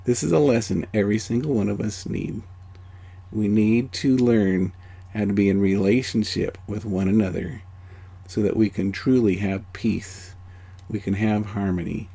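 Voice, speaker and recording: A man gives a gentle, conversational spiritual lesson outdoors, often saying "you know". His voice is gravelly and husky, with a mellow, dark tone. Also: mid-range voice. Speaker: spiritual course teacher. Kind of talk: casual spiritual teaching.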